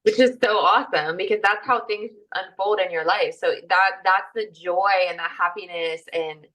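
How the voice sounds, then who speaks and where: A woman's voice: medium pitch, moderate pace, a bit bright, distant mic, poor audio. A woman hosting a casual podcast chat, agreeing emphatically and affirming her guest. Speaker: podcast host.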